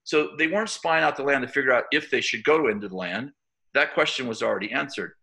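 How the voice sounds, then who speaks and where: A middle-aged man preaching to his church in a loose, storytelling way, full of restarts and fillers. His voice has a gravelly edge with a bright, forceful tone. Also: medium pitch, fast. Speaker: church leader. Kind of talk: informal preaching to a church group.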